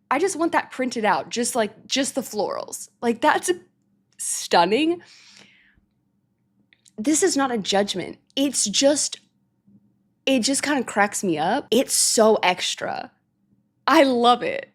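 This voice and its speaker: A woman hosting a music reaction, chatting casually and animatedly, laughing often and now and then cooing softly at her cat. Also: on the high side, big pitch swings, measured pace, slightly rough. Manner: drops to soft baby talk with her cat. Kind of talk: casual chat.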